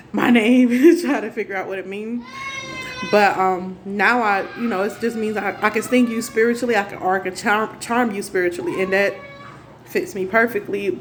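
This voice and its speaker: A young woman tells a personal story straight to camera, earnest and rambling. She often restarts her sentences as she goes. Faint household noise from the neighbors sits under her voice. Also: mid-range voice. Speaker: spiritual vlogger. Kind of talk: casual personal monologue to camera.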